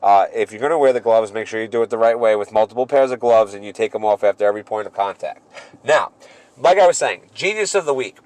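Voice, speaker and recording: A man in his thirties co-hosting a casual podcast, telling stories in a profane, animated way. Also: on the low side, fast talker, no room sound. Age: 30s. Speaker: podcast co-host.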